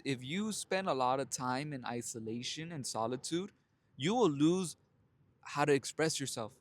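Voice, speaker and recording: A young man telling his own story in a casual motivational monologue, blunt and profane, calling his listeners brothers and laughing often. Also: medium pitch. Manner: animated storytelling with frequent laughs. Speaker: self-help vlogger.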